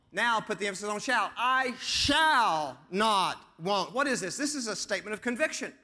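A man's voice: high voice, pushed and bright. A man preaching a sermon as a pastor, emphatic, repeating phrases and asking the congregation questions. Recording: long hall reverb.

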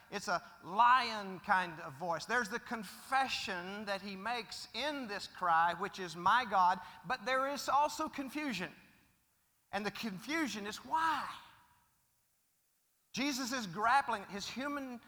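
Emphatic preacher, high and bright. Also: male voice. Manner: emphatic, swinging from loud declarations to hushed asides. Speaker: pastor. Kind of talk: sermon. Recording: long reverb of a large hall.

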